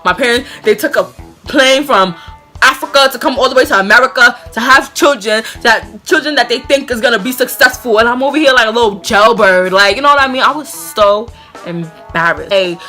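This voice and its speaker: A young woman telling a storytime vlog, animated and slangy, full of "like" fillers. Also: fairly high pitch. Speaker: vlogger.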